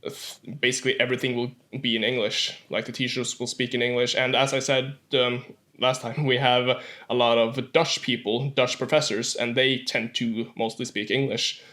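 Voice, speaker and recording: A young man in his twenties from Norway with a Norwegian accent, guest on a casual podcast, saying "like" a lot and often clearing his throat. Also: mid-range voice, little pitch movement, normal speed, sharp tone. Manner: says "like" often.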